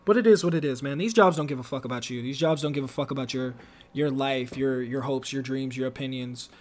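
A man's voice: medium pitch, brisk. A young man hosting a casual podcast, telling stories with slang and profanity and big swings in his voice. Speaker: podcast host.

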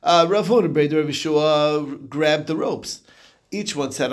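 A man leading a daily Talmud page lesson, telling the case as a story in a relaxed, conversational way and answering students' questions. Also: on the high side, normal speed. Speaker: Talmud class teacher.

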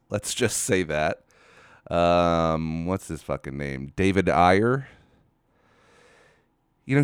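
A man's voice: on the low side, clear, resonant tone, no room sound, studio quality. A man hosting a casual solo podcast, ranting with exasperation, swearing and rambling into a microphone. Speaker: podcast host. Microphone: studio microphone.

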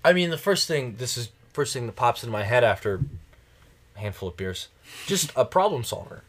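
A podcast host chats casually with a friend, rambling, joking, and laughing often. His mid-range voice is animated, fairly bright, and slightly rough, and he talks a little fast.

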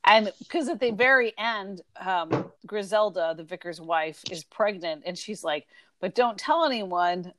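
A woman's voice: medium pitch, a little slow, few pauses, a bit bright. A woman co-hosting a casual book discussion, thoughtful, asking questions and reading out her notes. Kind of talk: casual chat.

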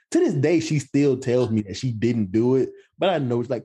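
Young man, husky, lively storyteller, acts out voices. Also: mid-range voice, moderate pace, hardly any pauses. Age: young adult. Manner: animated storytelling, mimics others' voices. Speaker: storyteller in group chat. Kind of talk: casual chat.

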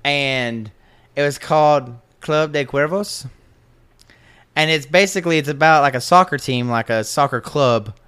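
A man co-hosting a casual podcast chat, telling animated, profane stories. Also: fairly high pitch, measured pace, clear, resonant tone. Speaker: podcast co-host.

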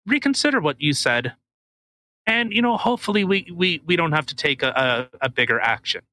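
A smooth government official, put on by a man, who threatens through polite phrasing. His voice sits fairly high and sounds bright and forceful. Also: expressive, fairly quick, slight background noise. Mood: veiled threat. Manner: falsely polite, quietly threatening. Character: menacing male government official making veiled threats.

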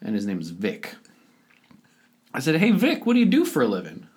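A man's voice: medium pitch, huge pitch swings, a little fast, darkish tone, slight background noise. A man co-hosting a podcast, telling stories in casual chat and slipping into jokey put-on voices. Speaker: podcast co-host.

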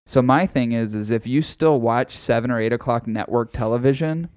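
A man's voice: medium pitch, moderate pace, a little mellow, dry recording, clean studio sound. A man hosting a casual podcast, rambling and swearing freely and often breaking into laughter. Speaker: podcast host.

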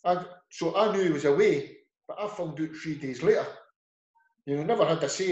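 A man's voice: fairly high pitch, a little fast, a little mellow, muffled recording. Man, middle-aged, Edinburgh Scottish accent, football manager guest, rambling anecdotal storyteller, echoey room. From Scotland. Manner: rambling storyteller acting out quoted dialogue. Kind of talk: casual interview anecdotes.

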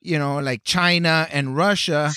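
Man, slightly high voice, halting casual podcast chat, dry close sound. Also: steady tone, pushed and bright, clear, resonant tone, no room sound. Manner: hesitant, many restarts and fillers. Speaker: podcast co-host.

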